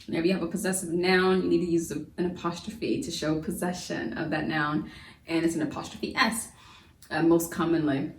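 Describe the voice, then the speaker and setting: A woman's voice: on the low side, little pitch movement, fairly quick, slight background noise. Woman teacher, recorded lesson, chatty, restarts sentences, roomy echo, distant mic. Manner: chatty, repeats and restarts, many fillers. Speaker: homeschool teacher.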